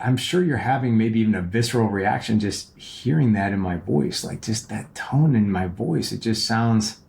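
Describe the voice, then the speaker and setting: A man hosts an advice podcast, his voice sitting low with a steady gravelly fry running through it. He talks casually and earnestly, circling back over his words and repeating himself. He often checks in with a quick "right?". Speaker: podcast host and relationship coach.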